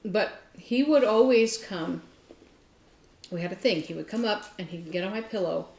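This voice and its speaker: A woman co-hosting a casual craft podcast, telling stories in an animated way. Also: medium pitch, moderate pace, creaky. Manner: animated storytelling, mimics her cat. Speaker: podcast co-host. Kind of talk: casual chat. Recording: echoey room.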